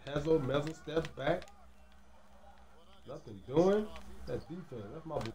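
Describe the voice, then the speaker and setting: Slangy, excitable gaming commentator man. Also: on the high side, measured pace, reverberant. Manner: loose, slangy and excitable, with "you dig" and "man" fillers. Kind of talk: casual gameplay commentary.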